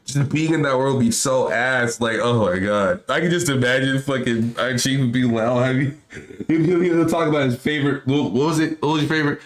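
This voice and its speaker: A man's voice: mid-range voice, fairly quick, hardly any pauses. A man co-hosting a casual podcast chat, rambling and swearing, with many restarts. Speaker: podcast co-host. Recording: roomy echo.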